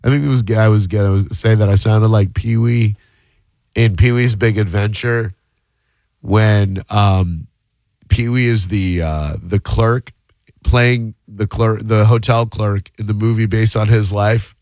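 Low, dry-sounding male radio host; deadpan, wisecracking call-taker. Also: measured pace, no echo. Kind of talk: casual radio chat.

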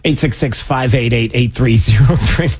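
Husky, chatty male radio host. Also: medium pitch, normal speed, a little mellow. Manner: rambling, joking, self-deprecating, many fillers. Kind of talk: casual talk-radio chat.

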